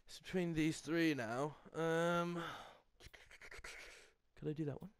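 A young man giving excitable let's-play commentary, yelling and laughing at the game with mild slang. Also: fairly high pitch, takes it slowly, smooth, no room sound. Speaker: gamer.

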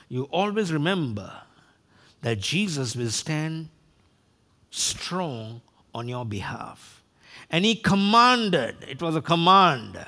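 Emphatic male preacher with a higher voice. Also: a bit bright. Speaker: pastor. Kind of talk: sermon.

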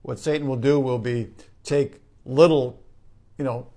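A man speaking as a Catholic priest in a gravelly voice, slow and measured, often pausing to search for words. His voice sits in a roomy, echoing space. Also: medium pitch, fairly even intonation, dark tone. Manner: measured, with frequent "uh" pauses. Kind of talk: pastoral teaching talk.

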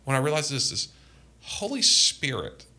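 A man's voice: medium pitch, wildly swooping pitch, moderate pace, pushed and bright. A man, a pastor, telling earnest personal testimony in a podcast conversation. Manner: earnest, impassioned storytelling.

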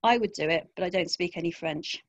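A woman's voice: fairly low pitch, a little fast, highs cut off, close to an everyday voice. A woman voicing a frantic husband whose wife is missing, his voice strained, in a crime story reading. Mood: quiet, pleading. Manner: strained, pleading. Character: distraught husband, guilt-ridden and strained.

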